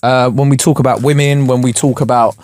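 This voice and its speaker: A young man co-hosts a podcast, chatting casually and joking around. His voice sits at a middle pitch and sounds dry and close to the mic in a small studio. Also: brisk, no room sound. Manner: jokey, animated, breaks into laughter. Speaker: podcast co-host. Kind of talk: casual chat.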